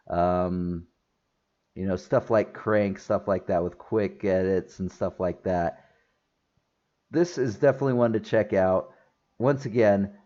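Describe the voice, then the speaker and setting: A man's voice: on the low side, mellow, muffled recording. A man giving a casual spoken movie review, chatty, with frequent laughs and restarted sentences.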